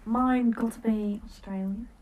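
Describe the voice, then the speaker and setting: A woman's voice: on the high side, fairly even intonation, a little slow, darkish tone, slight background noise. A playful teenage girl joining a casual chat podcast, jokey and self-mocking.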